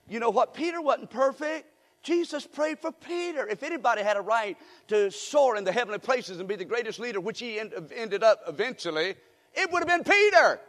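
An older man delivers a folksy, emphatic sermon with a notably high voice. He keeps calling on the congregation to repeat after him. The room rings with a long church-hall reverb. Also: big pitch swings, fairly quick, a bit bright. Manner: call-and-response, folksy and emphatic. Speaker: guest preacher.

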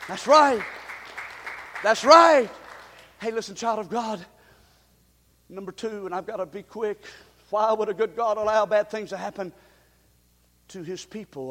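A male pastor delivers a fiery sermon in a strikingly high voice. He builds his points into shouted, rhythmic refrains and counts them off one by one. His voice rings out with the long reverb of a large church.

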